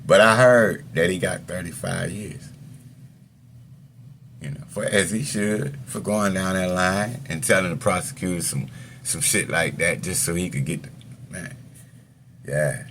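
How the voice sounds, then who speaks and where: A man's voice: sits low, takes it slowly, gravelly, long pauses, a bit bright, slight background noise. A middle-aged man telling a story about his past in casual, profane street talk, rambling through fillers and chuckling between phrases.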